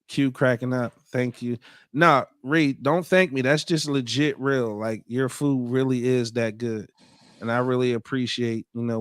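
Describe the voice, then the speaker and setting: A podcast host, an adult father with a medium-pitched voice, chats casually on a live stream, reading viewer comments aloud and trading loose, profane jokes. The studio sound is clean with no echo.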